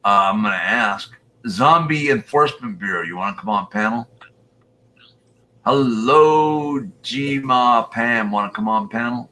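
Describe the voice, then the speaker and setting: A man's voice: medium pitch, a little slow, pushed and bright, a little hiss or hum. A man hosting a casual live stream, chatting with callers and reading viewer comments aloud.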